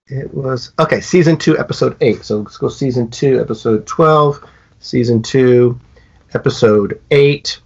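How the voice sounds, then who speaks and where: A man co-hosting a podcast, retelling a story in a casual, animated way with many halting restarts. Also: mid-range voice, breathy edge. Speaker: podcast co-host. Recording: dull lo-fi podcast audio.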